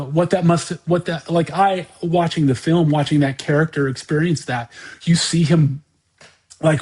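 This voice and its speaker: A man hosting a podcast, talking through an unscripted monologue in a halting way, often repeating words and restarting his sentences. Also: on the high side, a little mellow. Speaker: podcast host.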